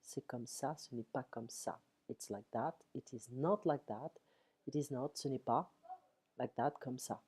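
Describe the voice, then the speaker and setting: A woman's voice: rumbling low, moderate pace, darkish tone, slightly rough. A woman teaching a French lesson online from home, saying phrases in English then French and checking in with "okay?" often. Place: home at night.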